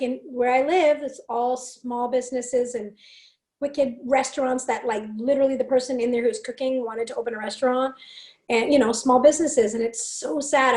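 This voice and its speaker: A woman with a raspy voice, a singer guesting on a podcast, telling stories excitedly and swearing freely. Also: a little high. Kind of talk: casual chat.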